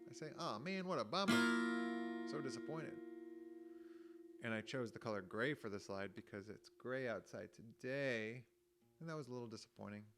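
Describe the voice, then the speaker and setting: A man teaching young children about emotions, gently explaining each word and acting out the feelings with sighs and groans, with chatty asides. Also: fairly low pitch. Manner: chatty asides, thinks aloud. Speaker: music teacher. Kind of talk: children's lesson with guitar. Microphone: home recording mic. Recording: guitar music under the voice. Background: guitar chords under the voice.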